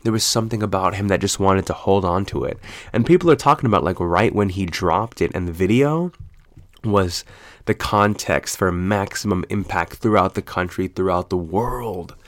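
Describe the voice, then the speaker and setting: A man with a slightly low voice chats on his own, telling stories with lively, foul-mouthed energy. He laughs often and leans hard into his punchlines. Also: normal speed. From United States. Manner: animated, profane storytelling with frequent laughs. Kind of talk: casual solo chat.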